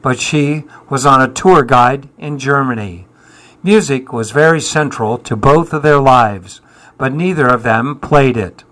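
A man's voice: medium pitch, a little slow, fairly bright tone. A man, answering interview questions in a wry, self-deprecating way with dry humour. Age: 70s. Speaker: musician guest.

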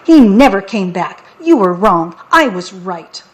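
A woman's voice: mid-range voice, big pitch swings, measured pace, darkish tone. A woman reading a storybook and voicing a sullen, contrary schoolgirl who dislikes everyone and speaks with scorn. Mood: scornful.

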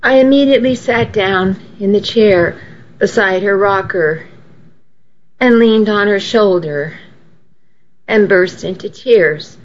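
A woman narrating a first-person story as an audiobook reading, slow and measured. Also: medium pitch. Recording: dull, faintly noisy recording.

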